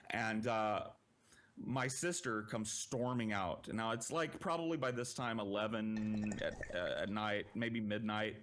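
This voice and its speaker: A man telling a long personal story on a podcast in a casual, profane and animated way. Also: medium pitch, a little hiss or hum.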